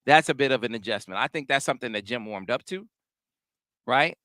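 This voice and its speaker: A man hosting a casual sports talk show, speaking in a measured, analytical way with frequent restarts. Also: medium pitch, lively intonation, bright, forceful tone, dry recording.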